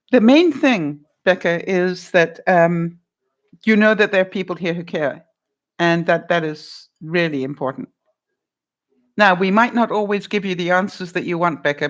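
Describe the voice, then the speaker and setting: An older woman vlogger chatting casually with viewers on a live stream from her home, laughing often and calling people by name. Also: fairly low pitch. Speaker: vlogger answering live chat.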